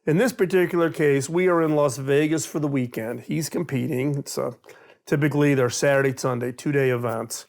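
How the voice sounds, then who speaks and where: A middle-aged man giving an animated storytelling talk on innovation, acting out quoted dialogue. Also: medium pitch, fairly quick, creaky. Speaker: speaker on innovation.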